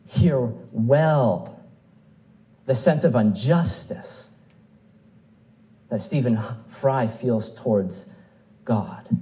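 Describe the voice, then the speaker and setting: A man's voice: fairly high pitch, mellow, low-quality recording. A man preaching a sermon in a church, earnestly reading scripture aloud with rising and falling emphasis. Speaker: pastor.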